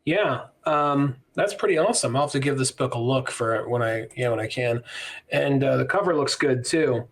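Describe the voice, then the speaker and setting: Male podcast co-host, easygoing, halting casual speech. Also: medium pitch. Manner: relaxed, halting, with many restarts. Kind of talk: casual chat.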